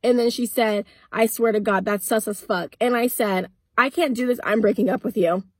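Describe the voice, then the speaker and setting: An eighteen-year-old woman content creator tells a storytime vlog bluntly and casually, swearing freely and acting out both sides of old arguments. Her voice is fairly high with a breathy edge at normal speed, and the recording is dry.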